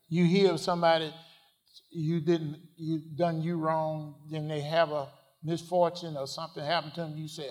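A man preaching a sermon, asking the congregation questions and swinging from quiet asides to loud declarations. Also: a little high, fairly even intonation, moderate pace. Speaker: pastor.

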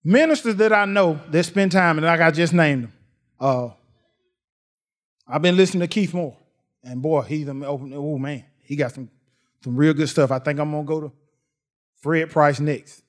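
High-voiced preacher, folksy delivery. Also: male voice, normal speed, pauses often. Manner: folksy, repeats phrases, rises to near shouts. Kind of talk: sermon.

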